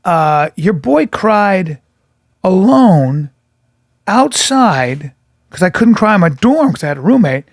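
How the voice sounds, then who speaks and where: High-voiced man telling stories animatedly. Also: takes it slowly, dry recording, studio quality. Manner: animated, acts out the other people's voices, swears freely. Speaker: podcast co-host. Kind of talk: casual storytelling chat.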